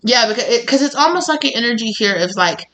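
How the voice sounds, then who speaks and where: A woman's voice: on the high side, fast, poor audio. A woman doing a tarot reading in casual, rambling talk full of fillers, now and then acting out what people say. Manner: rambling, animated, with many fillers and acted-out quotes. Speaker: tarot reader.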